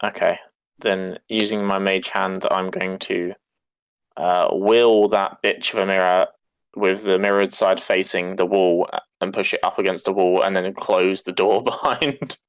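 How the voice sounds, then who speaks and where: A man's voice: low voice, fairly even intonation, measured pace, clean tone, no echo. A man playing a tabletop game, chatty and hesitant, often laughing. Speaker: player. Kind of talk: casual tabletop play.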